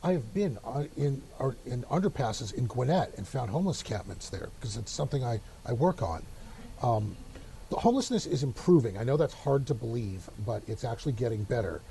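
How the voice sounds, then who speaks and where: A man's voice: mid-range voice, sing-song, brisk, vocal fry, warm tone, slight background noise. A man, giving wry, opinionated commentary in a casual talk show discussion. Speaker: local politics commentator.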